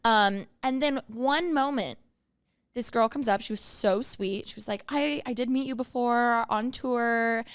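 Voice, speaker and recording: A woman's voice: fairly high pitch, measured pace, clear, resonant tone, no echo. A young woman co-hosting a podcast in casual chat, telling stories animatedly with lots of fillers and acted-out quotes, on a close studio mic. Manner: animated storyteller, filler-heavy, acts out quotes. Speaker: podcast co-host.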